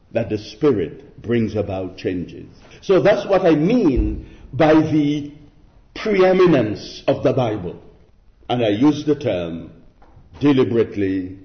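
A man preaching an expository sermon, deliberate and emphatic, asking his listeners rhetorical questions. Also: medium pitch. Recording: dull lo-fi recording.

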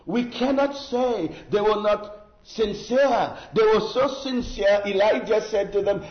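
Guy preaching real slow and deliberate, lively up and down voice, muffled lo-fi recording. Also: high voice. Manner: slow, deliberate, emphatic preaching with rhetorical asides. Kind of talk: sermon.

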